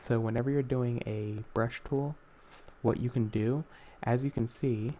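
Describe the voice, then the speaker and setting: A man's voice: medium pitch, fairly even intonation, unhurried, mellow, dull audio, slight background noise. A young man hosting a casual screen-recorded art tutorial, talking in a rambling way with many fillers and self-corrections.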